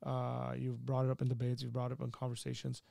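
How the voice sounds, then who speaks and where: Gravelly male podcast host, hesitant. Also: medium pitch, completely flat delivery, quick pace, warm tone, no room sound. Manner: hesitant, many fillers and restarts. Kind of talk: casual conversational interview.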